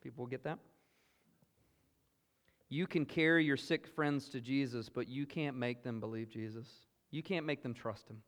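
A man with a Southern US accent preaching a sermon, earnest and emphatic, moving between loud exclamations and hushed asides. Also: mid-range voice, normal speed. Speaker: pastor. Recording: long hall reverb.

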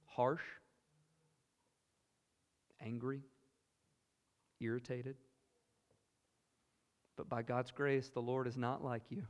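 A man with a Southern US accent preaching a sermon, earnest and emphatic, moving between loud exclamations and hushed asides. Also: medium pitch, level tone, slow, long pauses, highs cut off. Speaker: pastor. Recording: long hall reverb.

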